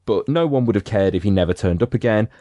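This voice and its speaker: Male podcaster, lowish voice, animated and digressive, dead-dry mic. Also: fast talker, no room sound. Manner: enthusiastic, rambling, acts out quotes. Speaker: podcast panelist. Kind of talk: casual film discussion.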